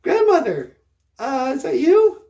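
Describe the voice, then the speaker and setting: A woman's voice: sits high, wildly swooping pitch, unhurried, vocal fry, mellow, exaggerated voice. A woman voicing a dim little girl in a comic fairy-tale retelling, talking in unsure, questioning lines.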